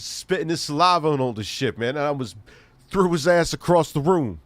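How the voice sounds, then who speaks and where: A man hosting a live stream, telling a story in casual chat with heavy swearing and an animated, laughing delivery. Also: on the high side, moderate pace, dry recording.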